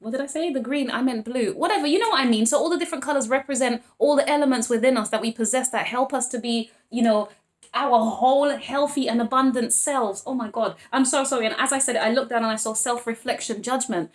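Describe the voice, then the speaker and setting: A woman giving a casual tarot reading, gushing and emotional, calling listeners sweetie pies and baby, and rambling with many restarts and corrections. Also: fairly high pitch. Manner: excitable and emotional, quick to laugh. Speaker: tarot reader.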